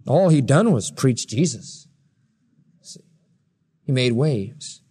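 A man's voice: mid-range voice, lively intonation, takes it slowly, dark tone, breathy edge, in a large hall. A man preaching a sermon, acting out quoted lines with a raised voice between plain explanation. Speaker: pastor.

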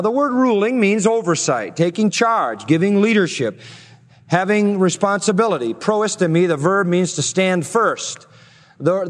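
A man preaching a sermon as a pastor, measured and emphatic, slowing down to stress key words. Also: sits high, in a large hall.

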